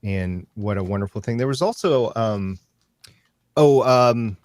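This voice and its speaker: Male podcast host, lowish voice, dry sound, rambling and enthusiastic. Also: a little slow, darkish tone, no room sound. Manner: rambling, stop-start, enthusiastic. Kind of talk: casual podcast chat about comics.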